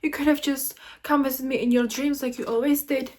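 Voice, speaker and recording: A woman quoting a defiant young heroine from a book aloud, in a quick, needling tone close to her own voice. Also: high voice, steady tone, darkish tone, pitched above the performer's own voice, natural voice. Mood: teasing.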